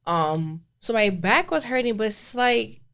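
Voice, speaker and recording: Thirties woman, podcast co-host, animated laughing storyteller, casual chat. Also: on the high side, normal speed. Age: 30s.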